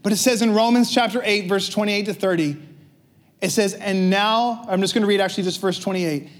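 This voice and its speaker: A man with a notably high voice preaches a sermon in an easy, conversational way. He asks his listeners rhetorical questions and slips in light jokes between scripture readings. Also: steady tone, brisk. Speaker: pastor.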